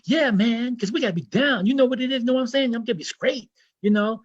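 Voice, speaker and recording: A man's voice: very high voice, fast, muffled recording, voice pushed up. A man imitating a young Egyptian man who puts on swaggering rapper slang.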